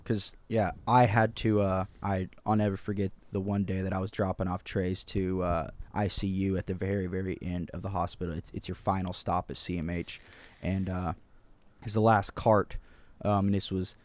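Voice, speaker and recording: A man co-hosting a podcast, telling a story in a relaxed, unhurried way. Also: low voice. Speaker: podcast host. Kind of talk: casual chat.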